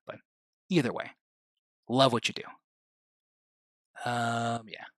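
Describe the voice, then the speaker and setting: A man's voice: mid-range voice, level tone, slow pace, fairly bright tone, no echo. A man hosting a livestream, rambling casually, restarting sentences and laughing at his own remarks. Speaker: livestream host.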